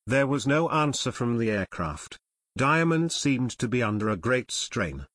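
Animated male audiobook narrator. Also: medium pitch, a little slow, dry recording. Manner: steady storytelling. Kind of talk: scripted narration.

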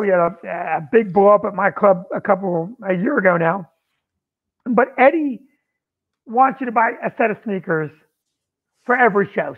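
Over a tinny phone line, a high-voiced man who owns a comedy club and does comedy tells casual stories on a podcast. He's an animated storyteller who acts out the quotes.

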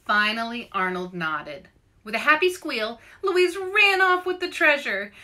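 A woman author reading her children's book aloud, expressive and asking young listeners questions. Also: fairly high pitch, unhurried. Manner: expressive, asks kids questions. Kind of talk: picture book read-aloud.

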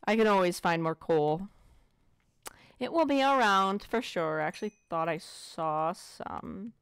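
A woman's voice: on the low side, lively intonation, unhurried, clean tone, no echo. A woman giving casual, rambling gameplay commentary, muttering self-deprecating asides to herself as she plays. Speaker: let's play gamer.

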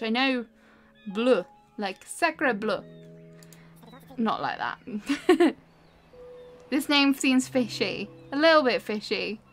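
A woman live-streaming a cozy game, giggly and chatty as she talks to her chat. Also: on the high side.

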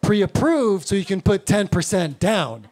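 A man's voice: high-pitched, very animated, unhurried, a little mellow. A man voicing a blunt male friend giving plain advice. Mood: instructive.

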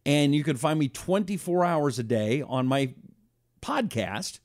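A man's voice: fairly high pitch, a little slow, no echo, clean studio sound. A man hosting a talk radio show, telling stories and acting out quotes. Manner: animated storytelling, acting out quotes.

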